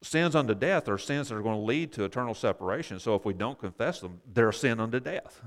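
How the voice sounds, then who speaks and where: Male Bible class teacher, explanatory, mid pitch, wry asides. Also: lively intonation, fast talker.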